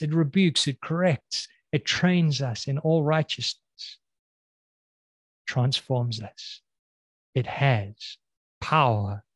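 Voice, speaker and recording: A man preaching a sermon, pressing the listeners with repeated questions and slowing down to stress key words. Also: a little high, no echo. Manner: questioning, emphatic, slows and drops on key words.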